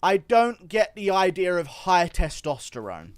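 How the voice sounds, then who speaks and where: A man's voice: sits high, a little slow. A man with a British accent explaining his opinions to his viewers in casual commentary. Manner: steady explanatory talk, addressing viewers. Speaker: YouTube fight analyst.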